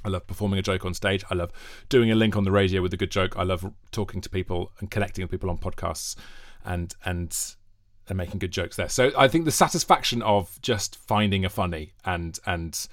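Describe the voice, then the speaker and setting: A middle-aged Welshman with a posh accent that has lost most of its Welsh lilt answers interview questions in a low voice. He rambles, restarts, and pokes fun at himself. The sound is close and dry, with no room echo. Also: fairly quick. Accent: posh English-leaning, faint Welsh border. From South Wales, near the English border. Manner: self-mocking, jokey, rambling with restarts. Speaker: actor and comedian guest. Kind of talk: casual interview chat.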